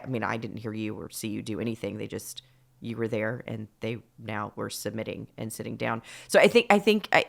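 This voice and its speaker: Woman co-host with a gravelly edge. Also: very deep voice. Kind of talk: casual podcast chat.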